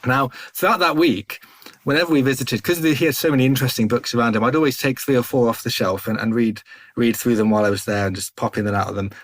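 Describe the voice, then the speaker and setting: A man in his thirties, a podcast guest, telling faith stories in an animated, self-interrupting way and chuckling as he goes. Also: medium pitch, quick pace. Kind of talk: conversational storytelling.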